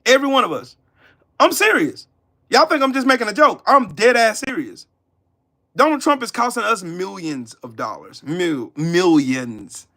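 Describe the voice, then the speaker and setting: Here a man hosting a political livestream delivers a profane, mocking rant, speaking directly to viewers in his chat by name. He sounds high and bright with a pushed quality, very animated, at a moderate pace.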